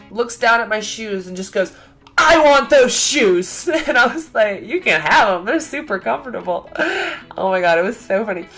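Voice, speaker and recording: A young adult woman vlogger telling a story in an excited, gushing, chatty way, full of fillers. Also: mid-range voice.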